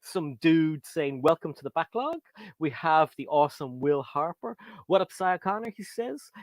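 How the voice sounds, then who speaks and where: A man's voice: on the high side, animated, normal speed, dry recording. An Irish man hosting a casual livestream, chatting and reading out viewer comments. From Ireland. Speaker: host.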